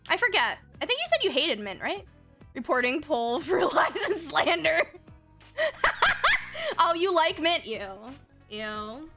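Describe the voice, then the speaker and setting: A young woman streams a game from home, her voice high and bright with a lively, bouncing pitch. She giggles a lot, jokes and swears with her chat, and drops into a flatter tone to read game text. Soft music plays in the background. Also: a little slow. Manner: giggly, playful, swears casually, reads game text aloud. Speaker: livestreamer. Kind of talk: casual gaming stream chat.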